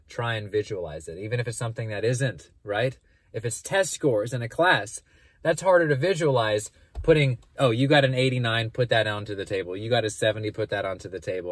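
A math teacher explains averages in a casual, conversational lesson, animated and often rephrasing or cutting himself off mid-sentence. His voice is medium-pitched, and the recording is dry.

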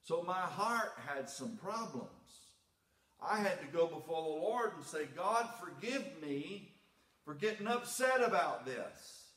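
Folksy preaching pastor in an echoey church. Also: male voice, a little high, a bit bright. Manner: folksy storytelling, rising to preaching emphasis. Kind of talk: sermon. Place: church sanctuary.

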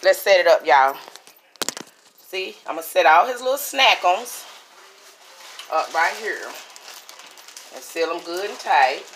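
A woman's voice: lowish voice, lively intonation, unhurried, pauses often, a bit bright, a little hiss or hum. A middle-aged woman, chatting casually to her viewers at home. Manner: chatty, talks to viewers as y'all. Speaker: vlogger. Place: living room at home.

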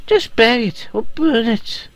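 A man reads out a doomed man's final letter in a put-on Irish accent. The voice is slow, grave and gravelly, and it rises and falls a lot. The accent keeps slipping toward Scottish. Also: very high voice, expressive, no echo, voice pushed up, heavily acted. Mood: grim. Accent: put-on Irish drifting Scottish. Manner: slow, grave reading aloud.

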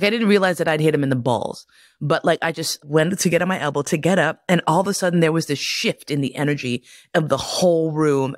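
A woman's voice: low-pitched, no echo, studio quality. Profane, laughing woman storyteller. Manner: profane, laughs often while telling stories. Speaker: podcast host. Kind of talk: casual storytelling monologue.

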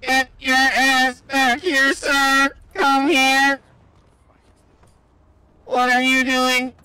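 A man's voice: very high voice, monotone, drawn-out words, sharp tone, clean tone, no room sound, pitched above the performer's own voice, heavily acted, low-quality recording. A man voicing a pushy male alien who wants to abduct a stranger, through a robot voice filter. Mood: menacing.

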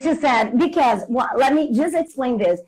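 A woman's voice: high voice, lively intonation, normal speed, a little mellow, breathy edge, low-quality recording. A woman, an English teacher guesting on a livestream, explaining with repeated examples and restarts. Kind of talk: casual livestream chat explaining intonation.

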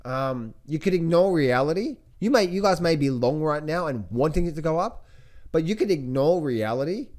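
A man's voice: fairly high pitch, lively intonation, normal speed, darkish tone. A man hosting a stock market commentary, emphatic and repetitive, often restarting his sentences and calling out to his viewers. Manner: emphatic, repeats phrases, keeps addressing viewers as traders and guys; restless with many restarts and fillers. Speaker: trading coach and channel host.

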